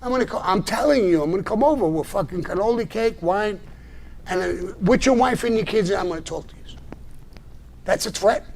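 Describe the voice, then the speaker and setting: A man's voice: high voice, lively intonation, a little fast, a little mellow. An older man hosting a live show, answering a viewer's message in a blunt, profane, combative monologue. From New York. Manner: profane, combative and indignant, with short gruff laughs.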